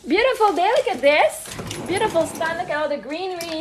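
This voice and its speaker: A woman life coach on a livestream from home, thinking aloud with sudden excited outbursts and cooing at her puppy. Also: extremely high pitch, fairly quick, roomy sound, distant mic, very noisy. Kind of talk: livestream self-reflection. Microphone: phone.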